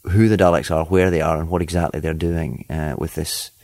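A man's voice: a bass voice, steady tone, brisk, darkish tone. A Scottish actor talking about his role in an interview soundbite, hesitant with many fillers.

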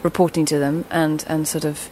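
Female actress, lowish pitch, reflective interview delivery. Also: flat delivery, normal speed, darkish tone, slight background noise. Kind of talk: interview soundbite.

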